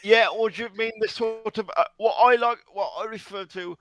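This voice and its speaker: A man chatting with friends, hesitant and wry, often restarting his sentences. His voice is high-pitched for a man and recorded dry, with no room sound. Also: fairly even intonation, normal speed, a bit bright, dry recording. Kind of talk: casual group chat.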